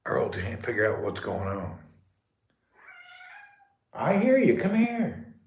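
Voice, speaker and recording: A man live streaming casually from his dark house during a power cut, talking to viewers and calling out high and loud to his pet. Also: wildly swooping pitch, slow, pauses often. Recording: echoey room.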